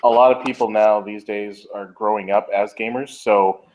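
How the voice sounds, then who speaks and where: A man with a lowish voice gives a thoughtful answer in a casual podcast. He hesitates often and restarts his sentences. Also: fairly even intonation, normal speed, darkish tone, lo-fi sound. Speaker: podcast panelist. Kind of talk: casual chat.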